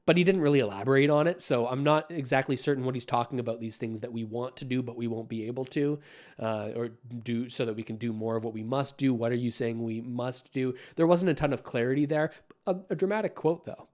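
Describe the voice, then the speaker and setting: A man's voice: medium pitch, a little mellow. Skeptical male live-stream commentator. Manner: measured, skeptical, many ums and uhs. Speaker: political commentary host.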